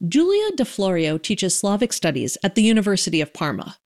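A woman's voice: medium pitch, very animated, brisk, a little mellow. Woman narrating a radio feature. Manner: storytelling broadcast delivery. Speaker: news reporter. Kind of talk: scripted news feature.

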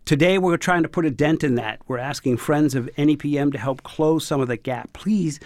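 Earnest man making a radio fundraising pitch. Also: fairly quick, darkish tone, no echo. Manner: earnest, explanatory, occasional fillers. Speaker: radio host. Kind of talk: public radio fundraising appeal. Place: radio studio. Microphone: studio microphone.

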